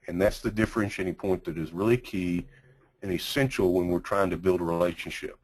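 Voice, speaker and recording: Slow-talking Texan man, very low voice. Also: animated, husky, rough recording. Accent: Texas. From Texas. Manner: slow, with deliberate pauses and emphasis. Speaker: mortgage sales trainer. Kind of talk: sales training class.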